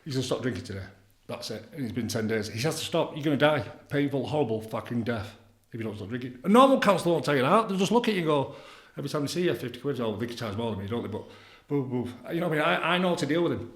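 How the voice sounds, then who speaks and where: A man's voice: medium pitch, animated, very fast. A man, an addiction counsellor, talking bluntly and boastfully in a podcast chat, swearing freely. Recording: echoey room.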